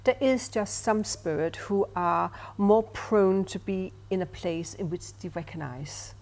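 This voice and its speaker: A woman's voice: mid-range voice, unhurried. Older woman medium, emphatic storyteller. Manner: emphatic, animated storyteller, asks "do you see what I mean". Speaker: spiritual medium. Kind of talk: conversational interview storytelling.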